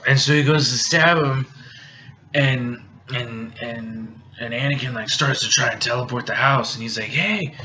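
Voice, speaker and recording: A drunk man stumbles through a movie plot, restarting sentences and filling gaps as he goes. His voice is bright and sharp, heard through a dull lo-fi recording with a faint background hiss. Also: mid-range voice, steady tone. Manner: halting, rambling, many restarts and fillers. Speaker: video host. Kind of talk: rambling movie plot retelling.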